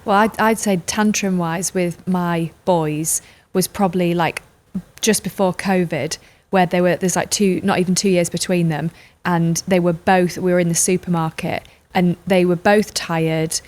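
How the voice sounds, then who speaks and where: A woman's voice: lowish voice, fairly even intonation, a little slow, hardly any pauses, a little mellow. A woman, telling stories in a casual chat and acting out what people said. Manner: chatty storyteller, acts out quotes. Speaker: podcast co-host or guest.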